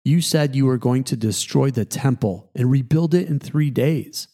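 A man's voice: mid-range voice, normal speed, mellow, close to an everyday voice. A man voicing a mocking crowd of passersby, taunting with a slightly raised voice.

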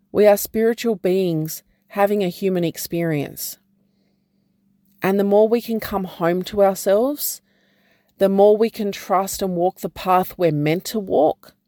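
A woman, speaking in a gentle, reflective way as she shares a personal vlog update and spiritual encouragement. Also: mid-range voice, no echo, clean studio sound. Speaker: program founder and guide.

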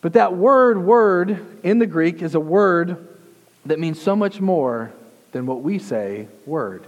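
A man's voice: fairly high pitch, animated, unhurried, big-room sound. A man preaching a sermon as a pastor, teaching in a conversational way with frequent restarts and repeated words. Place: church sanctuary.

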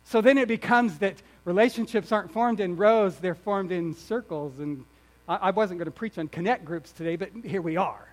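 A man with a high voice preaches a sermon, building to emphatic, nearly shouted lines and then dropping to quiet asides. He often repeats and restarts his words as he goes. A low mains hum sits under the recording. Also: normal speed. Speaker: pastor.

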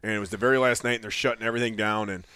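A man's voice: on the low side, fairly even intonation, sharp tone, clear, resonant tone, no echo. A man joking and telling stories in casual podcast chat, laughing often. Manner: quick, laughing, joking banter.

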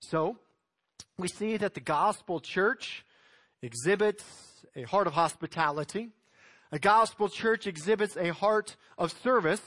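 A man's voice: sits high, expressive, measured pace, bright, forceful tone. A man preaching a sermon as pastor, reading scripture verses aloud and exhorting his congregation.

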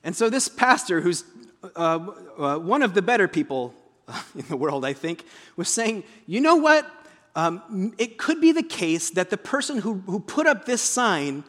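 A man preaching a sermon as pastor, conversational, breaking into booming dramatic quotations. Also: sing-song, a little slow, a bit bright. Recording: long hall reverb.

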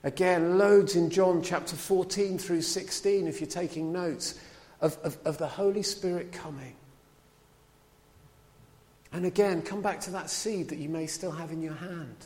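Man preaching with a lively manner. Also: high-pitched. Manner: lively, conversational preaching with asides to the congregation. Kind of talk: sermon. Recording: long hall reverb.

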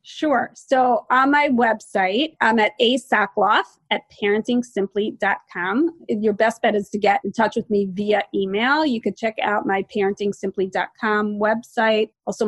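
A woman's voice: mid-range voice, fairly even intonation, normal speed, hardly any pauses, no room sound. A woman in her forties, a parenting expert guest, explaining practical advice in a reassuring, explanatory way. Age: 40s. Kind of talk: interview advice.

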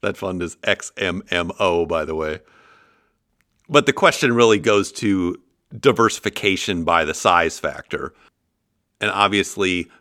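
Deep-voiced Midwestern man, dry studio sound. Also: bright, forceful tone, no echo. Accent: Midwestern American. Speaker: podcast host. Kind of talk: conversational finance podcast.

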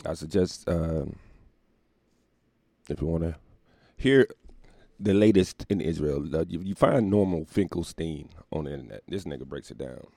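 A man hosting a solo podcast and ranting casually, profane and animated, laughing often while recording at home. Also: a bass voice, moderate pace, gravelly, pauses often, no echo. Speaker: podcast host.

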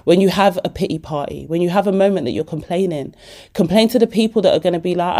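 A woman with a fairly low voice hosts a podcast, talking casually and motivationally. She is animated and chatty, breaking into laughter often. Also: fast talker. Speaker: podcast host.

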